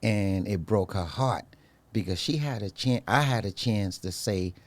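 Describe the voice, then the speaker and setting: A man, a guest telling stories in a casual chat and acting out quoted voices in a higher pitch. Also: unhurried, no echo. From Brooklyn, New York, of Honduran Garifuna parents. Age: 50s. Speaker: guest photographer. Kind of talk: casual storytelling.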